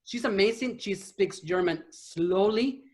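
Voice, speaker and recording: A woman interviewer in casual conversation who is friendly and sometimes pauses to search for words. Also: medium pitch, a little mellow.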